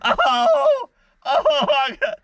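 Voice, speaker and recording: A man voicing an older local man who has been hooked in the hand, yelping in high pained cries. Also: huge pitch swings, very slow, creaky, fairly bright tone, no echo, heavily acted.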